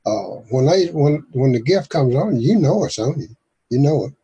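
A man's voice: mid-range voice, expressive, moderate pace, mellow, husky, highs cut off. A man preaching an informal sermon, rambling and emphatic with folksy turns of phrase.

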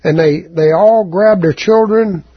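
A man preaching a sermon as a folksy, halting story, with a raspy voice and many restarts. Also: sits high, dry recording, dull audio. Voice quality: raspy, gravelly.

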